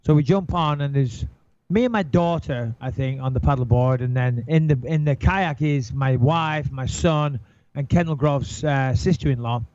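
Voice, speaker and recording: A middle-aged man telling an animated, swearing anecdote in casual chat, acting out his own panic. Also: medium pitch, normal speed. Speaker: guest storyteller. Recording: dull lo-fi sound, dry.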